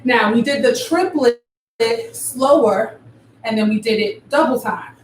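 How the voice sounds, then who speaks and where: Woman dance instructor, higher voice, recorded off-mic in an echoey studio, calls out counts. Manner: counts rhythms aloud with vocal syllables. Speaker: dance teacher. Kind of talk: live online dance class instruction. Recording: echoey room from far off, faint noise.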